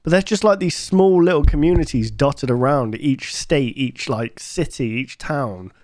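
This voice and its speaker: A man's voice: medium pitch, a little slow, darkish tone, dry recording. A man hosting a reaction video, chatting casually and joking along with what he watches. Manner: chatty, laughs and jokes along.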